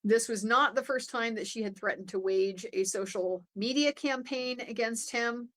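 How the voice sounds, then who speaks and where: A woman's voice: fairly high pitch, moderate pace, fairly bright tone. Conversational woman recapping a trial. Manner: conversational, many fillers and restarts. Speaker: legal commentator. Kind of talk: casual recap commentary.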